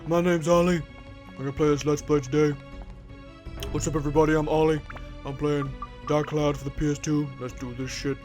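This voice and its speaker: A man's voice: fairly high pitch, level tone, fairly quick, pauses often, a little mellow, soft background music, lightly acted. A man putting on a brash young male game hero who boasts and swears like a stream host. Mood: cocky. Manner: cocky, swaggering, crude.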